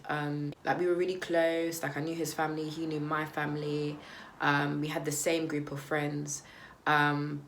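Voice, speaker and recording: A woman's voice: low-pitched, creaky, fairly bright tone, a little hiss or hum. A young woman vlogger sharing a personal testimony, candid and hesitant, with many fillers like "um" and "like".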